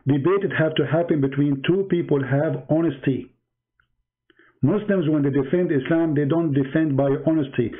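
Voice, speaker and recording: His English is broken and non-native, yet this man presses on, taunting and deriding his opponent while hosting a fiery live debate. The voice is slightly high at a moderate pace, and the recording sounds tinny, like a phone line.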